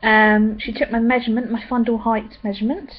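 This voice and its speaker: A young woman chatting in a rambling way with many pauses and ums. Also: on the high side, little pitch movement, dull audio, a little hiss or hum. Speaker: vlogger. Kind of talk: casual pregnancy update vlog.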